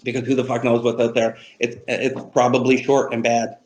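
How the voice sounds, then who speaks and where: Rambling, profane poet. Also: male voice, mid-range voice, completely flat delivery, a little fast, low-quality recording. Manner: rambling, profane and self-mocking. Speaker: poet giving a reading. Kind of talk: casual livestream talk about poetry.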